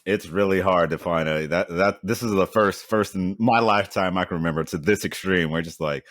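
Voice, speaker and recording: A man's voice: sits low, fast, few pauses, a bit bright, no room sound, studio quality. Laid-back man. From Houston, Texas. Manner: laid-back, slangy, laughs between thoughts. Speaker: podcast co-host. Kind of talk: casual chat.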